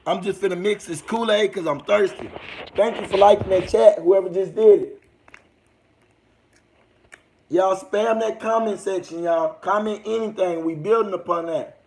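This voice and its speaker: A young Southern American man chatting on a casual livestream, his voice sitting high with a gravelly fry running through it. He rambles in loose street talk, calling out to his chat as he goes. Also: normal speed, darkish tone. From United States. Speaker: livestream host.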